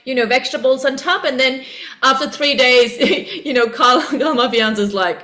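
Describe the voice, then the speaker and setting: This is a woman host with a high voice. She sounds bright and gushes with enthusiasm as she responds to her guest, laughing as she goes. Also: normal speed, reverberant. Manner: effusive, enthusiastic reactions with laughter. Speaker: podcast host. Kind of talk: conversational interview.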